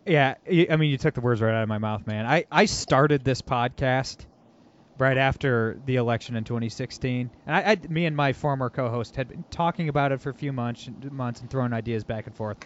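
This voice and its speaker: A man's voice: mid-range voice, fairly quick. A man hosting a political podcast, talking casually and animatedly, mocking and laughing often. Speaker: podcast host. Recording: dull lo-fi audio.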